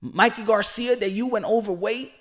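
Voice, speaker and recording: A man with a notably high voice delivers opinionated boxing commentary. He talks emphatically, repeating himself and pleading directly with the fighter he is discussing. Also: fairly even intonation, moderate pace, fairly bright tone.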